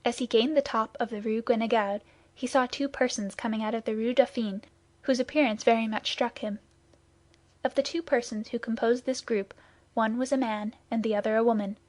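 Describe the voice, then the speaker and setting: A woman narrates a classic audiobook in a steady, measured way. Her voice sits a little higher than most, recorded close and dry with no room sound. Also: no room sound. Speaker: audiobook reader. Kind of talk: scripted narration.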